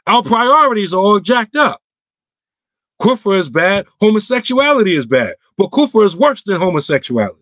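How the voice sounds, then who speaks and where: A man's voice: high-pitched, sing-song, moderate pace, fairly bright tone, no room sound. A man, an imam, answering viewer questions on an online roundtable in a casual, emphatic way, his voice climbing when he stresses a point. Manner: casual, clipped everyday grammar.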